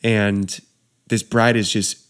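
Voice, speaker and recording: Young male storyteller, casual, slightly low voice, easygoing. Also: flat delivery, takes it slowly, clear, resonant tone. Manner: laid-back, says dude and you know a lot. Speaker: wedding DJ telling a story.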